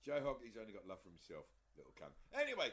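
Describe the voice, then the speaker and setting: A man co-hosting a podcast over a video call, swearing freely and joking crudely in animated banter. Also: fairly low pitch, rapid-fire, husky. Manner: swears a lot, lively and animated. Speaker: podcast co-host. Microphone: headphones on a video call.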